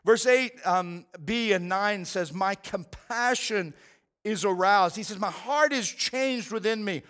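A man's voice: high voice, takes it slowly, fairly bright tone. A man preaching a sermon as pastor, earnest and conversational, often repeating words as he goes.

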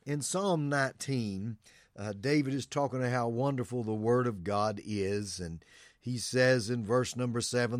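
Male pastor, earnest sermon delivery, mid-pitched, dry close sound. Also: measured pace, no echo. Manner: earnest preaching with Bible quotations.

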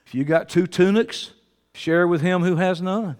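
A male pastor, preaching a sermon and swinging between loud high exclamations and low, quiet asides. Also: measured pace, clear, resonant tone, big-room sound.

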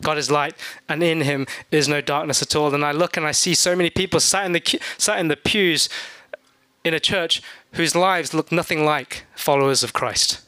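A man's voice: on the high side, normal speed, bright, forceful tone, dry recording. A man preaching a sermon as pastor, in a conversational way with humorous asides, acting out the people in his stories. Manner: acts out voices in his stories.

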